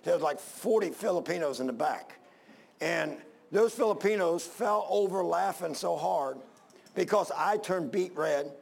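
A man preaching with a gravelly, creaky voice set a bit high. He talks in a folksy, rambling way, stopping and restarting often. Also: unhurried. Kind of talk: sermon.

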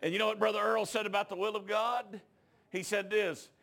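A man preaching a revival sermon, telling folksy stories and building up to shouts. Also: high-pitched, flat delivery, fairly quick. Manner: folksy rural talk that rises into shouting. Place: church.

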